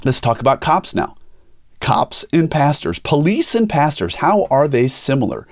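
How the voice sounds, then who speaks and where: A man's voice: on the high side, moderate pace, no room sound, studio quality. A middle-aged man, a pastor hosting a podcast, telling personal stories in candid conversation and acting out the people he quotes. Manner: animated storytelling, acts out quoted voices.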